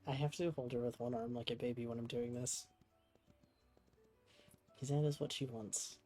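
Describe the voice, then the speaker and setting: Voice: medium pitch, fairly even intonation, moderate pace, long pauses, darkish tone, faint music behind. A streamer chatting casually at a home desk, talking dotingly to a cat on their lap. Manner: doting, chatty talk to a pet. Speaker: game streamer. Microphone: desk microphone with webcam.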